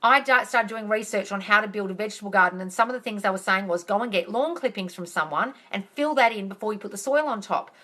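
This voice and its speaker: A woman's voice: medium pitch, fast talker, few pauses, pushed and bright. A woman hosting a casual live-stream Q&A on a phone, blunt and emphatic, swearing freely and calling viewers darling. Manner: heated and emphatic, ranting. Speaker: manifesting coach hosting a live Q&A.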